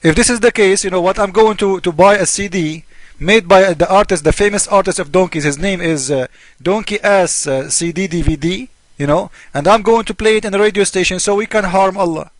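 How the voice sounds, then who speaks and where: Mocking, argumentative man with a high voice. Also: a little fast, dry recording. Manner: mocking, argumentative, full of rhetorical questions. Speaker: religious critic. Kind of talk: polemical monologue.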